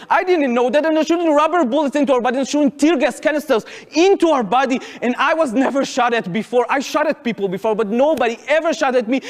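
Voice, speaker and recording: A man in his twenties with an Israeli accent, telling a personal story to an audience and acting out the voices in it. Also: very high voice. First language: Hebrew. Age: 20s. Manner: animated, acts out quotes, shouts at peaks. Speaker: speaker. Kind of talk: public talk, storytelling. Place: lecture hall. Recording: long hall reverb.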